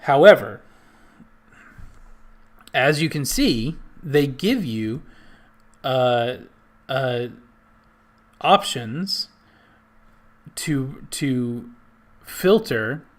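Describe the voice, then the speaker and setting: Guy explaining a search tool, lots of uhs and restarts, mid pitched voice. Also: lively intonation. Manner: halting, many restarts and fillers. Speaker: library staff trainer. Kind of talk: screen-share tutorial.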